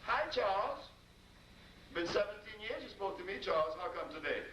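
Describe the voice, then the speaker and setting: A man's voice: high voice, expressive, normal speed, sharp tone, pitched above the performer's own voice. A man voicing a frank, teasing middle-aged wife, talking bluntly as he tells a story to a live audience. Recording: roomy, distant, noisy live talk.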